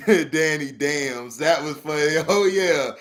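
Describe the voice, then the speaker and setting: A man hosting a casual sports vlog, ranting animatedly about football, laughing often and shouting for emphasis. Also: fairly high pitch, slow pace.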